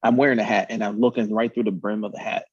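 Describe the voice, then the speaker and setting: A man telling a story in casual chat, animated and swearing, acting out the quotes. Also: lowish voice, quick pace, muffled recording, slight background noise. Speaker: podcast host.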